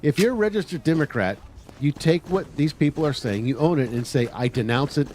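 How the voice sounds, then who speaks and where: A man's voice: a little high, very animated, fairly quick, a little mellow. A man hosting a livestream, delivering a blunt, combative political monologue with frequent profanity. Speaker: livestream host. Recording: noisy livestream audio.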